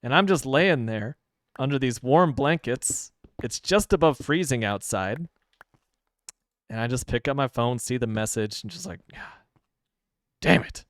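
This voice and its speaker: A man's voice: medium pitch, expressive, normal speed, no room sound, clean studio sound. A man from the American Midwest giving casual, chatty commentary while playing a game on stream, joking to himself as he goes. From Midwestern United States. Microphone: streaming microphone.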